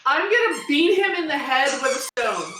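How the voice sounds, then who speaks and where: A woman's voice: sits high, big pitch swings, moderate pace, reverberant, heavy background noise. A woman playing in a tabletop game, giggly and mischievous. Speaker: player. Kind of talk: casual tabletop game chat.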